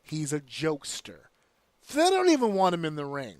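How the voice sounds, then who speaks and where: Podcast host, male, fairly high voice, dry close sound; heated and profane, talking in slang. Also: huge pitch swings, normal speed, no room sound. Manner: profane, heated opinionated rant; slips into slang and mimicked voices. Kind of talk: casual wrestling commentary.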